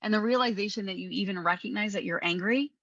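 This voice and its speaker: A woman hosting a podcast, talking in an animated, emphatic coaching manner and laughing often. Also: mid-range voice, quick pace, dull audio, a crowd in the background. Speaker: podcast host. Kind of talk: conversational coaching talk.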